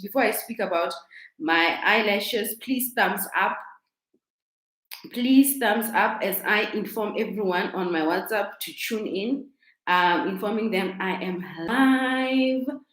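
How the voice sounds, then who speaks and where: A woman's voice: medium pitch, a little slow. A chatty woman with a South African accent, hosting a casual live stream as a coach and talking into a laptop microphone. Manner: chatty, repeats herself, greets viewers warmly. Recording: echoey room.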